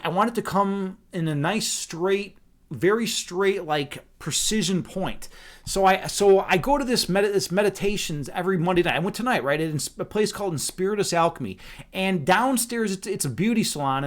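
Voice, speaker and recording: A man from Chicago hosting a casual livestream chat, rambling and laid-back, repeating words and saying "dude" and "man" a lot. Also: high voice. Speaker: livestream host.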